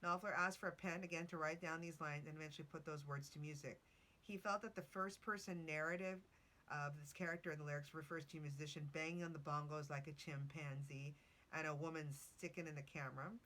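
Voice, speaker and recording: A woman's voice: low voice, fairly even intonation, brisk, bright, forceful tone. A woman hosting a podcast, chatting casually through her notes with asides and self-corrections. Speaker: podcast host.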